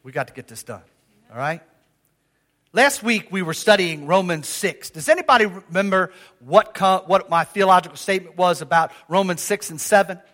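An older man preaching a sermon as pastor, conversational and lively, calling out questions to the congregation in a church. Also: sits high, normal speed. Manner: lively, conversational preaching with audience call-outs.

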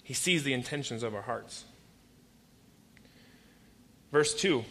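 A young adult man preaching a sermon in a conversational, animated storytelling way. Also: medium pitch, takes it slowly, long pauses.

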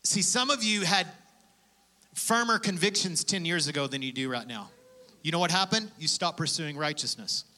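A male pastor delivers a sermon in a high, bright voice. He preaches in an animated, conversational way, laughing between points and acting out prayers and everyday speech. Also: normal speed.

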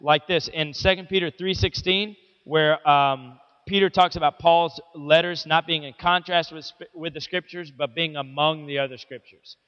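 A man's voice: on the high side, fairly even intonation, normal speed, few pauses, a bit bright, clean tone. A man teaching a Bible lesson to teenagers in a casual, joking, conversational way. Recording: echoey hall, dull lo-fi sound.

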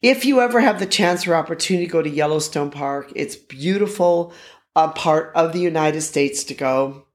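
Male host, casual rambling narration, slightly high voice, lots of fillers. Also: moderate pace. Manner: rambling, with many fillers and restarts.

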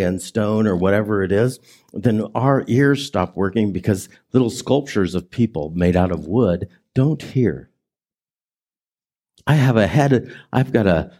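A man preaching a sermon as pastor, conversational and emphatic, swinging between raised and hushed delivery and drawing the congregation in with questions. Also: on the low side. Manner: conversational preaching with audience prompts.

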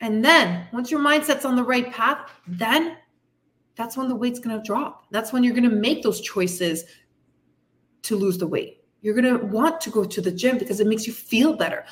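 A fitness coach and podcast host gives a frank, motivational monologue in a high, bright, sharp voice, swearing freely and bluntly. Frustrated and venting, she addresses her listeners directly with tough love.

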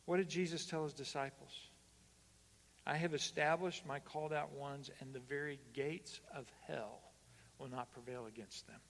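A man's voice: medium pitch, fairly even intonation. Man preaching in a reverberant hall. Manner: swings from loud emphatic calls to hushed, slow lines. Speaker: pastor. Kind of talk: sermon. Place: church hall. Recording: long reverb of a church hall.

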